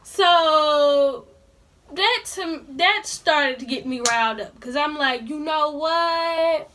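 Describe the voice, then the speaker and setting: A woman's voice: sits high, slow pace, pushed and bright. A young woman telling a storytime vlog in colloquial speech, indignantly ranting straight to her viewers. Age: young adult. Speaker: vlogger.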